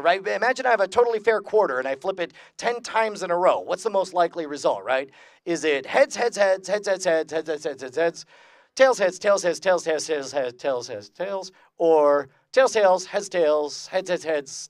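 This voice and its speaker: A man with a fairly high voice gives a joking, high-energy lecture to a big convention crowd. He keeps quizzing the room and laughing along with the audience. His voice sounds close and dry, with little room sound. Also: expressive, normal speed, no room sound. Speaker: lecturer at a skeptics convention panel. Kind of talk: comedic skeptic lecture to a live audience. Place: large convention room with about two hundred people.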